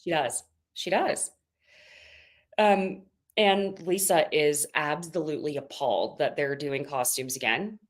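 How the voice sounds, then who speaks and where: A woman guesting on a podcast, gossiping in giggly, animated casual chat. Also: deep voice, unhurried.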